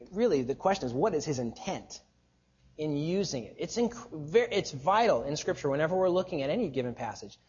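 A man's voice: fairly high pitch, a little mellow, breathy edge, lo-fi sound. A man preaching a teaching sermon, emphatic and explanatory, who keeps asking rhetorical questions and answering them. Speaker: pastor or Bible teacher.

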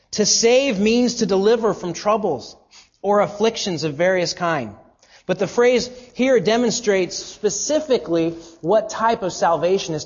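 Husky-voiced preacher with high, emphatic delivery. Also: male voice, dull audio. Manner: earnest preaching with emphatic rises and hushed drops. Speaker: pastor. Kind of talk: sermon.

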